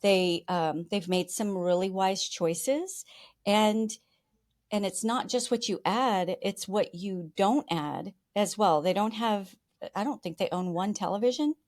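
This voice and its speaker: A woman's voice: mid-range voice, a little slow, a little mellow. An older woman in a conversational interview who talks in a chatty way with many restarts and livens up when quoting people.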